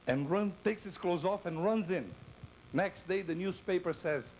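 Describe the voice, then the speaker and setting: A man's voice: a little high, moderate pace, darkish tone, slight background noise, rough recording. A man performing a stand-up comedy routine, talking in a theatrical, playful way and teasing the audience.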